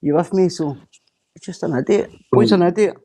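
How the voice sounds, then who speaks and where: A man's voice: high voice, brisk, warm tone. Scottish guy ranting on a stream, blunt and sweary, keeps repeating himself. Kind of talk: casual chat.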